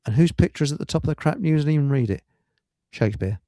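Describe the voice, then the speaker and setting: A man's voice: on the high side, expressive, racing, warm tone, no echo. Chatty man, dry close sound. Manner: chatty storyteller, slips into silly put-on voices. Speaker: show host. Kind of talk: casual chat.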